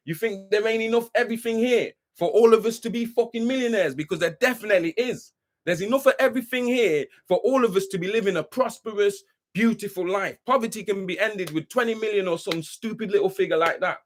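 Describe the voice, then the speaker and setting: A man's voice: high voice, fairly quick. A man ranting heatedly and profanely on a live stream, worked up and preachy, who keeps asking if you understand. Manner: says he is worked up. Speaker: livestream host.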